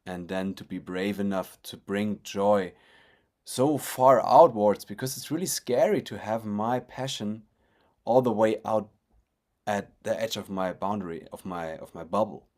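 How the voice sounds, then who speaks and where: A man in a reflective conversation over a video call, talking with animated enthusiasm and halting restarts. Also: fairly low pitch. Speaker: research partner.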